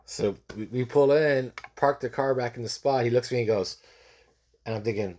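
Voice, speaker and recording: A man's voice: medium pitch, fairly quick, darkish tone. A man in his forties from California telling a personal story in a casual way, repeating phrases and acting out the people he quotes. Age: 40s.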